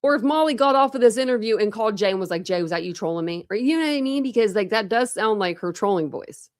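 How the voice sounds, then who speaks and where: A woman's voice: on the high side, lively intonation, fast, no echo, studio quality. A woman chatting casually on a true crime live stream, rambling with lots of fillers and talking to her chat.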